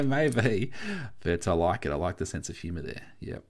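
Relaxed Australian man, casual chat. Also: deep voice, moderate pace. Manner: relaxed, chatty, reads out viewer comments. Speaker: coin collecting livestream host. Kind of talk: casual live-stream chat.

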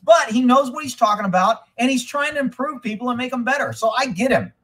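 A man hosting a casual live stream, rambling and swearing freely, getting animated when he retells a story. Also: very high voice, quick pace. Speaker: livestream host. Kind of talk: casual livestream chat.

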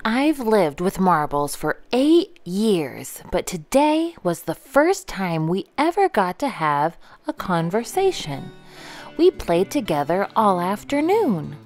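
Expressive woman reading a kids' book. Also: medium pitch, slow, soft background music. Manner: expressive, lively storybook reading. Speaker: storyteller. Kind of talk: children's picture book read-aloud.

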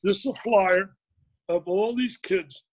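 An older man telling an emphatic, excitable story as an interview guest, repeating words for effect. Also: high-pitched, slow, slight background noise, rough recording.

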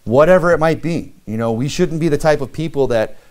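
A man preaching a sermon in a conversational way, with frequent fillers and lively acted-out dialogue. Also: a little high, brisk. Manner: conversational preaching, many "you know" fillers, acts out lively quoted dialogue. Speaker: pastor.

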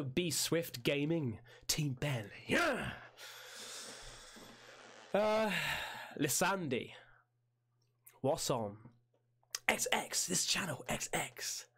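Man, slightly high voice, croaky, hoarse from a chest infection, game streamer, casual rambling chat. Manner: lively, rambling, loud hyped greetings.

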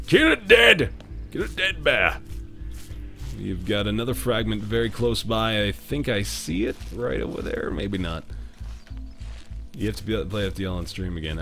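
Excitable male gamer, lowish voice. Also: gravelly. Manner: excitable, jumps from muttering to loud yelps and laughs. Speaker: gaming video host. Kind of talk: let's-play commentary.

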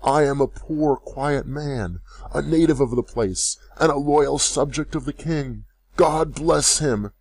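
Male narrator doing a dismayed old storybook wanderer, humble, pitched up and pleading. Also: big pitch swings, takes it slowly, few pauses, husky, exaggerated voice. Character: bewildered ragged old man, humble and dismayed.

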